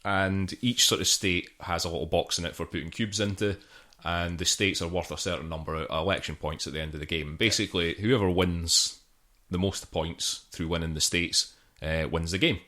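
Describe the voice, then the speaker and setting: A man co-hosting a casual podcast, explaining things in a halting way full of restarts. His voice is very deep. He laughs easily between points. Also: fairly even intonation, pushed and bright. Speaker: podcast co-host.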